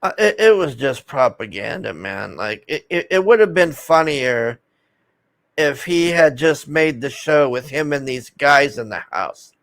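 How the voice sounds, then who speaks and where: A man ranting casually to his viewers, swearing often and ending his gripes with a drawn-out "man" as his voice drops. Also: mid-range voice, animated, fairly bright tone, no room sound. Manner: profane, exasperated, trailing off with "man". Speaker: video host.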